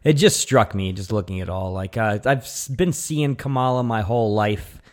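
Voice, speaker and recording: A man's voice: fairly low pitch, normal speed. A man co-hosting a podcast in casual comedic chat, riffing animatedly and swearing freely. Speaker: podcast co-host.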